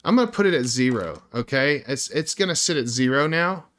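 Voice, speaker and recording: Male indie dev streamer, sharp bright tone, profane and fed up, walks viewers through code. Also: mid-range voice, expressive, a little fast. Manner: frustrated, swears constantly, talks to viewers. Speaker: indie game developer streaming. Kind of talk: live coding stream, thinking aloud.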